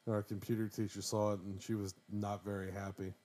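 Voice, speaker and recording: A man's voice: on the low side, little pitch movement, a little fast, dark tone. Joking man in casual podcast chat. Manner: joking, jumps into goofy quoted voices. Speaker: podcast co-host.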